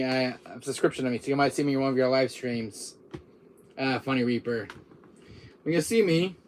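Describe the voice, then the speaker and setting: A man's voice: medium pitch, slight background noise. A man, a gaming YouTuber, chatting casually and in a friendly way to a viewer, rambling with many restarts.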